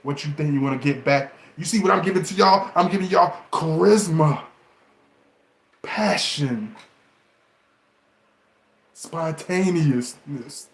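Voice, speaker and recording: Brief: gravelly man, preachy and teasing vlog rant, somewhat high voice, roomy echo. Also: takes it slowly, pauses often. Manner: animated, preachy, mocking, laughs often. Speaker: relationship advice vlogger. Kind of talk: casual monologue to camera.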